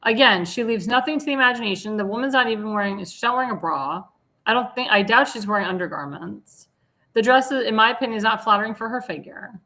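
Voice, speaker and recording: A woman's voice: a little high, fast talker, bright, forceful tone. A woman hosting a talk show, giving blunt, indignant commentary on slides and sometimes searching for words.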